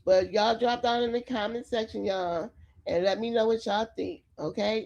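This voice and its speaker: A woman's voice: fairly high pitch, steady tone, moderate pace, gravelly, a little mellow, muffled recording. A woman giving casual, opinionated celebrity gossip commentary straight to her viewers. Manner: chatty, opinionated, addresses viewers directly. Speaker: commentary vlogger.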